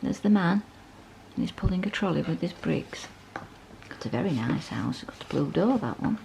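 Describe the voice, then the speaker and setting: A woman reading a bedtime story aloud, gently asking the child to look at the pictures. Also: lowish voice, lively intonation, moderate pace, creaky, slight background noise, poor audio.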